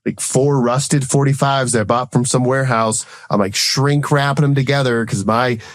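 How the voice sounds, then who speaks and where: Rambling man telling a fast story. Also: mid-range voice, fairly even intonation, no room sound. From United States. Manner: fast, rambling, heavy use of "like", acts out quoted exchanges. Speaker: guest, Marine officer and entrepreneur. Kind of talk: casual storytelling.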